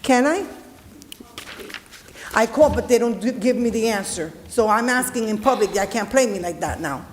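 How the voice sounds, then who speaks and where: A woman's voice: fairly high pitch, expressive, normal speed, long pauses, a little hiss or hum. A woman speaking during public comment at a city council meeting, blunt, emotional and profane. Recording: long reverb of a council hall.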